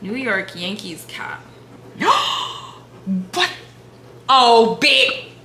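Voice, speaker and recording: Young woman vlogging while she shops online, bouncy pitch, slangy, gasps and whispers when hyped, roomy echo. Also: very animated, drawn-out words, pushed and bright. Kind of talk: casual chat while shopping online. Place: room at home. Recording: echoey room with faint hum.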